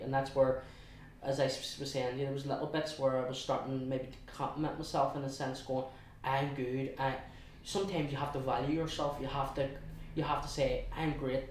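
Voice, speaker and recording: A young man with a Belfast accent telling his story as an interview guest, chatty and halting, with many restarts. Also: medium pitch, flat delivery, slight background noise. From West Belfast, Northern Ireland. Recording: echoey room, heard from a distance.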